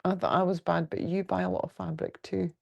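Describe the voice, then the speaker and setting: Gravelly-voiced Scottish woman chatting. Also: fairly low pitch, level tone, fairly quick, lo-fi sound. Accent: Scottish, Fife. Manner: chatty, rambling, frank and jokey. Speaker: quilting livestream host. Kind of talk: casual livestream chat, answering viewer comments. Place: at home indoors.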